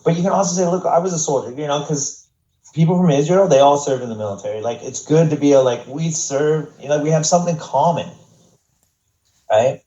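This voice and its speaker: A man's voice: on the high side, fairly quick, dark tone. An American man with a mid-range voice tells stories loosely, swearing often and stumbling over restarts. The room sounds echoey and the audio is a little muffled. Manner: profane, rambling, many restarts. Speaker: podcast guest. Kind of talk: casual storytelling. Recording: roomy, dull podcast audio.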